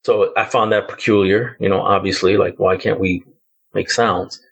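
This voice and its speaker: A man's voice: sits low, fairly even intonation, moderate pace, gravelly, fairly bright tone, breathy edge, muffled recording. A fiftyish man telling a ghost story. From the Bronx, New York. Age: around 50. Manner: loose, hesitant storytelling with many fillers like "like" and "um". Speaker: podcast guest.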